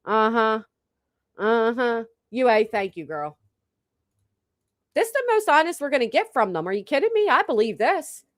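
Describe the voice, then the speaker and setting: A woman's voice: a little high, very animated, normal speed, long pauses, no room sound, studio quality. A woman hosting a reaction stream, talking bluntly and profanely to her chat. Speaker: livestream commentary host.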